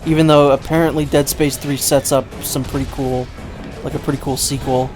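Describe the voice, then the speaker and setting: A man's voice: mid-range voice, flat delivery, fairly quick, music in the background. A man giving rambling, chatty, self-mocking commentary while playing a game. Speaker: gameplay commentator. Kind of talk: casual let's-play commentary.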